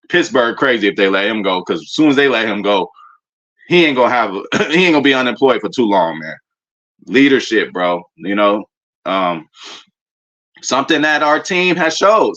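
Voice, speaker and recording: Excitable profane man ranting about football. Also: on the high side, dull audio. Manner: animated, profane, rambling fan banter. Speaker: sports fan commentator. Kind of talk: casual fan rant.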